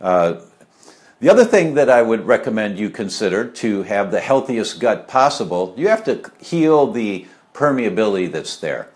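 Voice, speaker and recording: Lively, rambling middle-aged man. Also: on the low side, moderate pace. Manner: rambling, chatty, frequent fillers and asides. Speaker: health speaker answering viewer questions. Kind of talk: casual live talk.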